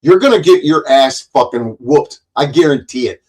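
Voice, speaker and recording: A man's voice: medium pitch, animated, normal speed, a little mellow. A man doing angry ranting commentary on a livestream, profane and confrontational, often stumbling and repeating words. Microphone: streaming mic.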